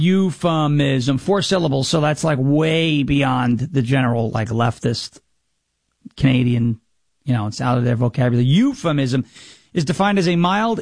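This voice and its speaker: A sarcastic male commentator holds forth in a loose, mocking monologue. His voice sits high for a man and carries a gravelly edge. The sound is dry and close, with no room around it. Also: no room sound. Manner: mocking, sarcastic, mimics opponents in whiny voices. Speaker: radio and podcast host. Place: Tennessee.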